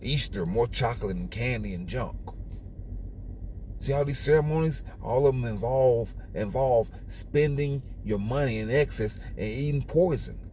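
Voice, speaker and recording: A man's voice: medium pitch, moderate pace, dark tone, slight background noise. A man hosting his own channel, lecturing viewers in a preachy, repetitive monologue. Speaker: channel host.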